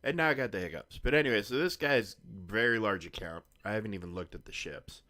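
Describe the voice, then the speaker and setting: Man, low voice, casual gaming stream chat, rambling, swears offhand. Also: brisk, pushed and bright. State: hiccups.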